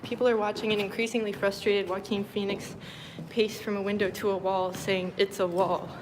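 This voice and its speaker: Woman reading diary entries deadpan. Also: medium pitch, moderate pace, noisy background. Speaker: livestreamer reading her writing aloud. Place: moving between venues and a car.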